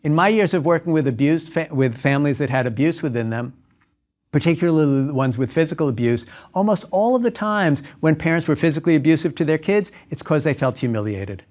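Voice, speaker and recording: A clinical psychologist giving a talk, telling everyday stories and acting out the dialogue. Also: male voice, a little high, expressive, a little fast, a little mellow. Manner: storytelling, acts out dialogues. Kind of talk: lecture talk.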